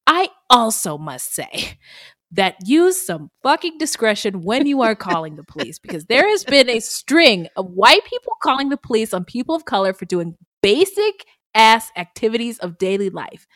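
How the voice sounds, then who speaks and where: A woman co-hosting a podcast in casual chat, animated and blunt, swearing freely. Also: on the high side, normal speed, dry recording, studio quality. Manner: animated, swearing, bursting into laughter. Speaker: podcast co-host.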